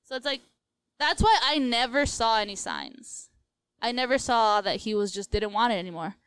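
A woman's voice: fairly high pitch, big pitch swings, normal speed, a bit bright, smooth, dry recording, low-quality recording. A young woman in her twenties on a casual podcast, telling a breakup story with lots of quoted back-and-forth and "like". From Latina, US.

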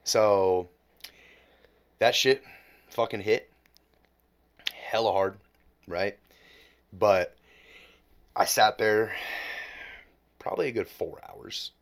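A man's voice: on the low side, very slow, pauses often. A man in his late twenties, a podcast guest, telling his story candidly with heavy swearing and emotional drops to a near whisper.

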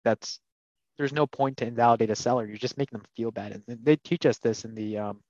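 A man's voice: mid-range voice, a little fast, a little mellow, no echo. A man co-hosting a casual podcast, candidly explaining and retelling his conversations. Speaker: podcast co-host. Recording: dull, dry sound.

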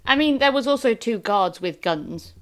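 A woman's voice: on the high side, expressive, normal speed. A woman co-hosting a casual film chat, wry and chatty, giggling as she talks. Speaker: podcast co-host.

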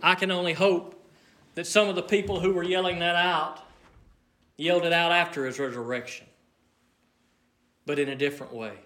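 A man preaching a sermon, earnest and measured, swinging between loud emphasis and near hush. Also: a little high, steady tone.

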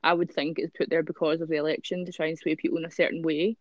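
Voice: medium pitch, flat delivery, quick pace, no room sound, muffled recording. A Scottish podcast co-host in casual chat, explaining things at length with many ums and restarts.

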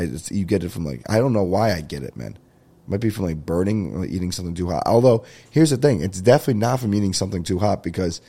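A man's voice: deep voice, warm tone, slightly rough. A man hosting a comedy podcast, with a stuffy, congested nasal voice, rambling jokily and swearing a lot. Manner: rambling, profane, jokey. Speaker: podcast host. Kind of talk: casual comedy podcast monologue.

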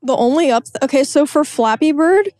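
A woman's voice: sits high, expressive, brisk, darkish tone, dry recording, clean studio sound. A woman in her twenties co-hosting a podcast, chatting loosely and casually. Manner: loose, chatty, with restarts and fillers. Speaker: podcast co-host. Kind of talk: casual chat.

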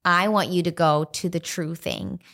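Woman cohost on a church podcast, kinda low voice, candid storytelling. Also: fairly even intonation, normal speed, gravelly, a bit bright. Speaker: podcast co-host. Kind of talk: casual faith podcast chat.

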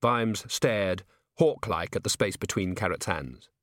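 Man, audiobook narrator, expressive storytelling, animated intonation, dry studio sound. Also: low-pitched, unhurried, no room sound. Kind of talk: scripted narration.

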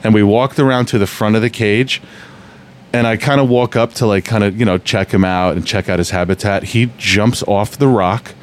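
A man's voice: fairly low pitch, steady tone, moderate pace, a little hiss or hum. A man telling stories in a casual podcast chat, rambling and restarting often.

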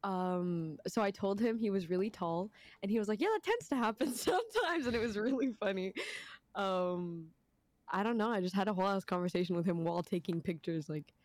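A young woman guest in a casual podcast chat, animated and slangy, often laughing. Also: mid-range voice, brisk, no echo.

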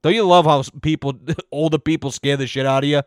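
A man's voice: fairly high pitch, steady tone, fast talker, clear, resonant tone, no echo, clean studio sound. A man hosting a podcast, telling a long profane story in a rambling way and acting out the people in it. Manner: profane, rambling, acts out quoted voices. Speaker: podcast host. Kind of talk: casual storytelling rant.

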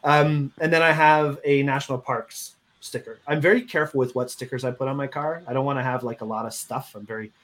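A man's voice: medium pitch, steady tone, a little fast, hardly any pauses, fairly bright tone. A man hosting a casual podcast chat, joking around and asking his guests questions. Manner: laid-back, jokey, asks the questions. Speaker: podcast host.

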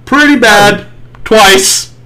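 A man's voice: sits high, extremely slow, crowd noise. Laughing, swearing young man. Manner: laughing often, swearing, acting out quoted people. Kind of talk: casual chat.

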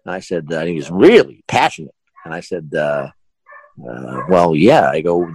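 A man who manages a haunted house, telling a funny customer anecdote with animated delivery and frequent laughs. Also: low-pitched, moderate pace, vocal fry, husky, dry recording, poor audio. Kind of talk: storytelling anecdote.

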